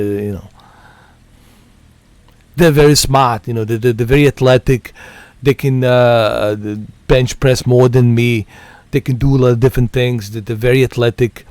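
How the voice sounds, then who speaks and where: A man's voice: medium pitch, dry recording. A man chatting casually with friends, rambling, repeating words and laughing often. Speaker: gamer.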